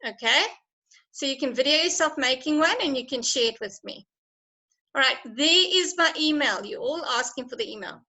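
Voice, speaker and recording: Bright, high-voiced encouraging woman teacher. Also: animated, moderate pace, poor audio. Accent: South African. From South Africa. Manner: encouraging, chatty, laughs often. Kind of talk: online class lesson.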